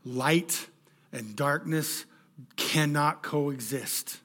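A man's voice: on the high side, extremely slow, a bit bright. A middle-aged male pastor preaching a sermon, emphatic, with stammering restarts and direct questions to the congregation.

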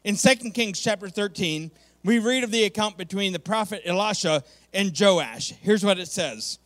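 A man's voice: high-pitched, animated, normal speed, fairly bright tone. A man preaching a sermon as pastor, emphatic and conversational, often repeating key points and checking in with "okay".

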